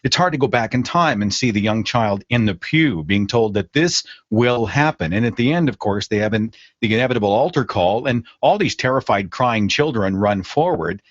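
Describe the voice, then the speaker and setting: A man with a fairly low voice hosts a podcast conversation, putting questions to his guests and thinking aloud about their answers. His voice comes through dry and close, with a slightly muffled, lo-fi tone. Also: expressive, moderate pace, few pauses, dry recording. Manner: conversational, asks questions and reflects. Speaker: podcast host. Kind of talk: casual podcast discussion.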